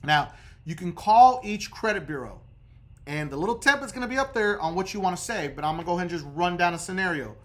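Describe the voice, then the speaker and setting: A man's voice: high voice, lively intonation, fast. A man coaching viewers on credit repair in a casual instructional video, talking emphatically and checking in with the viewer over and over.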